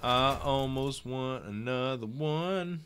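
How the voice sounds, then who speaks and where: A man's voice: mid-range voice, slow, a bit bright, smooth. A tipsy man chatting and joking while streaming a game. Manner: rambling, joking, playful. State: tipsy from wine. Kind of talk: casual gaming chat.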